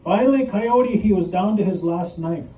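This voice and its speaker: A man telling a traditional animal tale in an animated, playful way to a live audience. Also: sits high, normal speed. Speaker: storyteller. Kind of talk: live oral storytelling. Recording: echoey room, mic at a distance.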